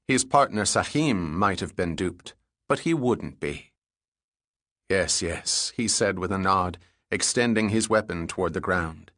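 A male narrator reads an action audiobook in a steady, measured way. His voice sits low. The sound is dry, close and free of room echo.

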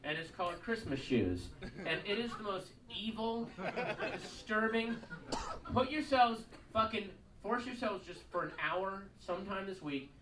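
A man's voice: high voice, lively intonation, a little slow, noisy background. A man doing a stand-up comedy routine, profane and mocking, acting out song lyrics and characters on stage. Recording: live room echo, distant mic, audience laughing. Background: audience laughter.

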